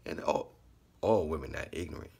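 Man, low husky voice, relaxed repetitive monologue. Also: moderate pace. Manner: laid-back, repetitive, drops into quiet asides. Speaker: vlogger giving life commentary. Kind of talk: casual monologue.

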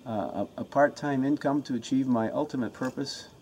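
A man's voice: mid-range voice, moderate pace, a little mellow, slight background noise. A man giving a casual self-help talk to the camera from his home, earnest and pumped up, often restarting and repeating his words. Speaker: motivational vlogger.

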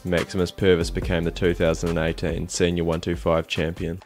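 A man giving calm, measured scripted narration for a race documentary. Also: sits low. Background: music.

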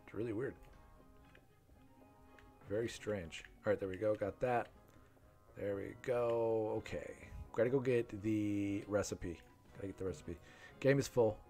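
A man's voice: on the low side, a little slow, pauses often, dark tone, faint music behind. A man in his thirties hosting a live game stream, chatting with viewers and reading their names from the chat.

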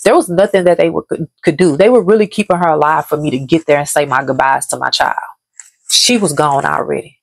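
A woman's voice: low-pitched, brisk, vocal fry, slightly rough, no room sound. A woman from Dallas, telling a painful personal story on her vlog in a heavy, repetitive, grief-laden way. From Dallas, Texas. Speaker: vlogger. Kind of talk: emotional story time.

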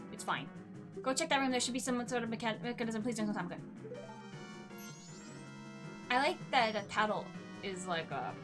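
A woman streamer with a voice on the high side gives casual let's-play commentary. She's chatty, talks to herself and the game, and swings between nervous and excited.

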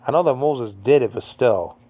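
In an informal Bible teaching, a man from Puerto Rico in his fifties wanders through his points with lots of "I mean, you know," rising to a high, emphatic pitch at key moments. His voice is dark and husky, at a moderate pace.

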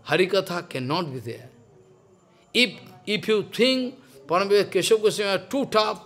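A man's voice: high voice, a bit bright. Older man giving an emphatic devotional lecture. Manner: broken English, repetitive, emphatic. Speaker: spiritual teacher.

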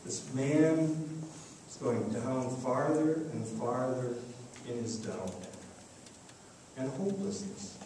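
A man's voice: medium pitch, animated, slow, long pauses, mellow. A man preaching a sermon as pastor, telling a story and acting out the voices in it. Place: church sanctuary. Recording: echoey church, distant mic, faint noise.

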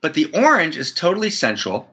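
A man's voice: a little high, wildly swooping pitch, fairly quick, sharp tone, husky. A man speaking as an interview guest in a spiritual conversation, effusive and building to soaring emphatic peaks, talking from a friend's house.

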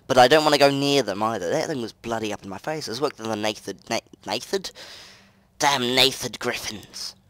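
A young man giving let's play commentary over a close mic, muttering to himself and breaking into loud, excitable outbursts. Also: mid-range voice, no echo. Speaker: gaming commentator. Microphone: close desk mic.

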